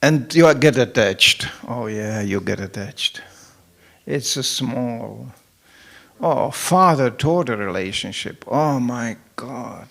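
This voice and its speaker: In a temple hall, a middle-aged man who serves as temple president delivers a funny scripture talk, performing the voices of those he quotes with lively storytelling flair. He speaks slowly in a creaky, mid-range voice.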